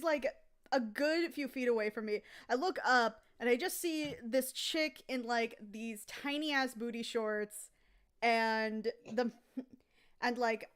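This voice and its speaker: A woman's voice: high voice, smooth. A woman casually telling a rambling, profane anecdote on a live stream. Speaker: comic artist streaming.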